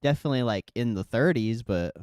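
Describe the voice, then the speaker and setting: A man hosting a live stream, chatting casually and reading out viewer comments, relaxed and profane. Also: medium pitch, a little fast, smooth, no room sound. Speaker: livestream host.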